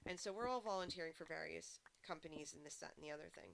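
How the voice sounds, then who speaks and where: A woman game streamer chatting casually to her viewers and telling stories in an animated way. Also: deep voice, fast talker, gravelly. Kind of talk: casual chat. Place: home streaming setup. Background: background music.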